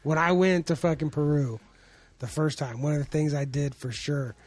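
A man's voice: a little high, moderate pace, dry recording. A man co-hosting a podcast, telling a personal story in a casual, profane, rambling way. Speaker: podcast co-host. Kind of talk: casual chat.

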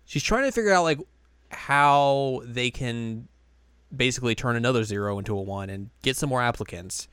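A man's voice: mid-range voice, lively intonation, moderate pace, fairly bright tone, clean tone, no echo. A man co-hosting a podcast, recapping an anime in a rambling, casual way with many fillers. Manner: rambling, filler-heavy, often acts out lines. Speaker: podcast co-host.

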